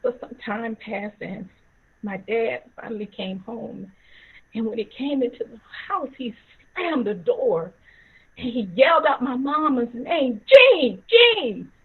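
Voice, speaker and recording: A woman telling a personal story slowly and dramatically on a video call. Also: fairly high pitch, breathy edge. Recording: tinny phone-like audio.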